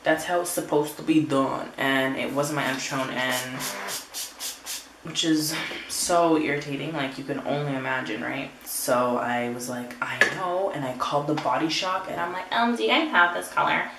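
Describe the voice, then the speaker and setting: A woman's voice: very deep voice, normal speed, heavy background noise. A young woman chatting casually while doing her makeup, rambling and acting out her own quotes. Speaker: beauty vlogger. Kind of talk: casual get-ready-with-me chat. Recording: roomy, slightly distant home recording.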